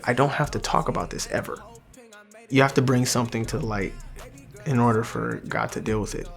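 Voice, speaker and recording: A young man gives a personal faith testimony, earnest and halting, circling back to restart his sentences. His voice is gravelly at mid pitch. Soft music plays faintly behind him. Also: steady tone. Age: young adult. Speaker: testimony speaker.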